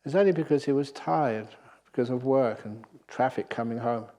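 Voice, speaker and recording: A man giving a Buddhist dharma talk at a meditation retreat, telling stories in a lively way and chuckling at his own jokes. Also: medium pitch, moderate pace. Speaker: Buddhist monk teacher.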